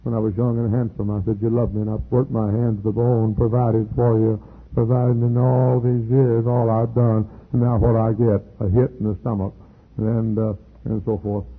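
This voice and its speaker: An older man, a pastor, preaching a sermon with animated delivery and sudden leaps into high quoted voices. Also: normal speed, husky. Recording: tinny phone-like archive recording.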